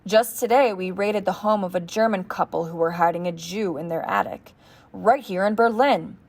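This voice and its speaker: A woman's voice: fairly low pitch, normal speed, darkish tone. A woman reading the part of a man, a courteous but chilling SS officer at a dinner table. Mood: boastful. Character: smooth, menacing male SS officer.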